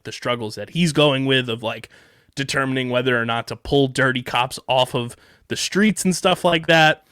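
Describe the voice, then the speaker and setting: A man's voice: medium pitch, a bit bright, no echo, studio quality. A man from the Philadelphia area co-hosting a podcast, talking about a TV show in a casual, rambling way with lots of fillers and restarts. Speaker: podcast co-host. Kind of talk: casual show review chat.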